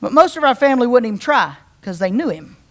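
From the pulpit, a pastor tells a story in a loose, conversational sermon style at a quick pace. His pitch and volume rise and fall as the story builds, he repeats phrases, and he keeps asking the crowd "right?" The delivery is lively and unpolished rather than scripted.

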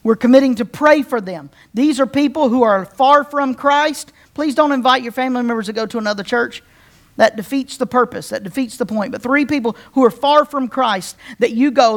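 A pastor telling a story from the pulpit in a loose, conversational sermon style. The voice swings up and down in pitch and loudness as the story builds, with phrases said twice over and frequent check-ins with the listeners. The talk is lively and unpolished rather than scripted. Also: normal speed. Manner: conversational, repeats phrases, asks the crowd "right?".

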